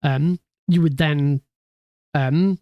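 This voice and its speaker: Man, casual stream chat, rambling and self-correcting, slightly raised pitch, dry close sound. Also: steady tone, drawn-out words, dry recording, muffled recording. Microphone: studio mic through a mixing desk.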